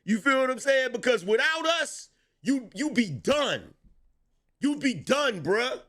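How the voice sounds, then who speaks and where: Unhurried and very high-pitched, this middle-aged man delivers laid-back political commentary full of animated street slang, breaking into laughter between lines.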